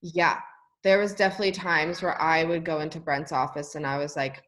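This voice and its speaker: A woman's voice: deep voice, flat delivery, brisk, fairly bright tone. A young woman, a former college volleyball player, talking candidly as an interview guest with lots of "like" fillers. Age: young adult. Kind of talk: casual interview talk.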